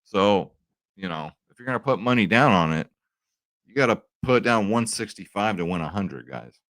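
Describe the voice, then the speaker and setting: A young man talks through his betting picks in a chatty, upbeat way, often tossing in a quick check-in with his viewers. His voice sits a little low. The sound is dry and close, with no room around it. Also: expressive, fairly bright tone, no room sound. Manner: chatty, upbeat, says "right?" and "guys" a lot. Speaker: sports betting picks host. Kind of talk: casual picks video talk.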